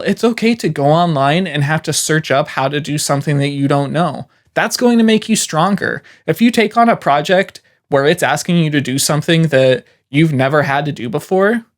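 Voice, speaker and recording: A man with a somewhat high-pitched voice talks to beginner freelancers in an encouraging, conversational way, using plenty of "you know"s. He speaks as a voiceover artist sharing advice from his own work.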